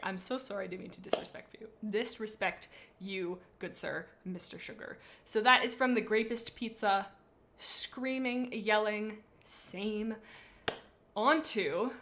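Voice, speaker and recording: A woman's voice: mid-range voice, fairly bright tone, slight background noise. A young woman streamer chatting playfully and dramatically while rating viewers' pet cats, rambling with silly asides. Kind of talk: casual livestream chat.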